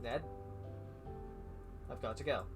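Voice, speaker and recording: A man's voice: mid-range voice, steady tone, takes it slowly, over music. A man streaming a visual novel, reading every character's lines and the narration himself, stumbling now and then and adding his own asides.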